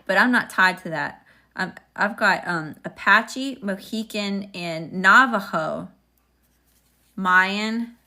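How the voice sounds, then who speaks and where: A woman's voice: medium pitch, slow, sharp tone. A woman, chatting sassily with viewers while giving a casual live-stream tarot reading. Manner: sassy, chatty, talks to viewers. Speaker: tarot reader.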